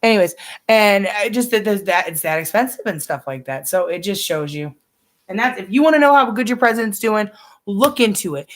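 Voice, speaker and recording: A woman's voice: mid-range voice, expressive, a little fast. A young woman from the United States chatting casually on a live reaction stream, rambling, restarting her sentences and swearing often.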